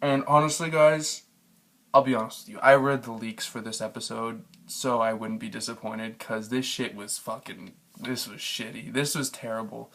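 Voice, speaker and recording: Gravelly-voiced man ranting in a review. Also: mid-range voice, fairly even intonation, moderate pace, a bit bright. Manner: frustrated, ranting, swearing freely. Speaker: TV show reviewer. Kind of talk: casual spoken review.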